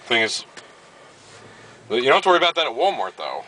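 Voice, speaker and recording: A man's voice: medium pitch, wildly swooping pitch, a little fast, sharp tone, low-quality recording. A man from Baltimore vlogging casually, telling a story and acting out what others said. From Baltimore, USA. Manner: storytelling, acts out quoted dialogue. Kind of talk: casual chat.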